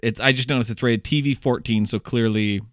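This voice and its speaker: A man's voice: mid-range voice, steady tone, fairly quick, no echo, clean studio sound. A young adult man hosting a casual movie-review podcast, laughing often and swearing casually. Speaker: podcast host.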